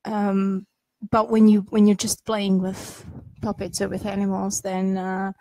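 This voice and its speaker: A woman's voice: mid-range voice, completely flat delivery, measured pace, warm tone, no room sound, low-quality recording. A woman speaking casually as a guest on a parenting podcast, chatty and full of restarts and asides. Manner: chatty, many restarts and "you know", laughs easily.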